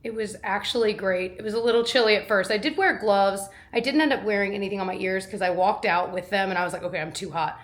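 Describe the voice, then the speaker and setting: A woman vlogging casually and cheerfully about her run, her dog and making dinner. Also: medium pitch. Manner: cheerful, chatty, quick asides. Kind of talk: casual vlog chat.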